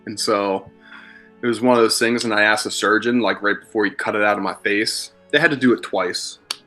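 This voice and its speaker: Here a Philadelphia man in his thirties, a podcast guest, swears freely as he rambles through candid stories in a casual chat. His lowish voice moves briskly with fairly even intonation and a sharp tone, over soft background music.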